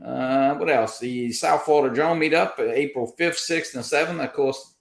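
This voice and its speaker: Gravelly man in an echoey room. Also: medium pitch, normal speed. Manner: relaxed, rambling announcements with many fillers. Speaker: host. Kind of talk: casual livestream chat.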